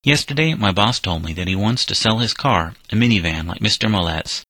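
A man narrating a children's novel aloud in a steady storytelling manner, giving the boys light character voices. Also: sits low, brisk, no room sound. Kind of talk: audiobook reading of a children's novel.

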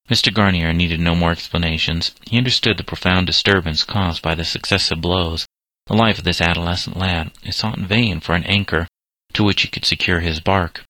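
A man narrating a novel as an audiobook, measured and steady. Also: deep voice, no echo, low-quality recording. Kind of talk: scripted narration.

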